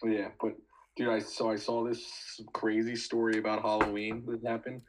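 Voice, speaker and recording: A man's voice: fairly low pitch, completely flat delivery, normal speed, noisy background. A young man who coaches and co-hosts a podcast, telling stories in an easygoing way and laughing often. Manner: easygoing, laughs often, laid-back storytelling. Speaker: podcast co-host, recruiting coach. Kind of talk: casual sports chat.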